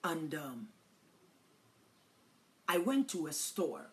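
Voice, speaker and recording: Woman preacher, lively slow sermon delivery, dramatic swings between hush and shouting. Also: sits low.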